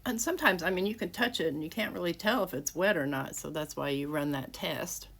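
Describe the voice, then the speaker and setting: A woman's voice: sits low, fairly quick, creaky. A woman talking casually as she walks through each step of making a handmade card, narrating what she does with frequent restarts. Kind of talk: casual crafting tutorial. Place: home craft room.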